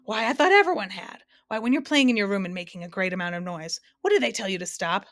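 Woman reader as a fussy male doctor in a storybook, persuasive, mid pitch, dry. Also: animated, quick pace, no echo, lightly acted. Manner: explaining, persuasive. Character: fussy male doctor who sells noise. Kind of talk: storybook narration.

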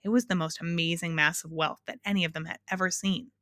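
A woman narrating a storybook aloud in a measured, expressive way. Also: lowish voice, no room sound, studio quality.

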